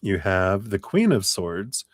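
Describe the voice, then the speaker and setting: A man with a low, sing-song voice speaks slowly in a clean studio-sounding recording with no echo. He's a tarot reader doing a live-stream reading from a home room with an air conditioner, chatty, laughing and rambling.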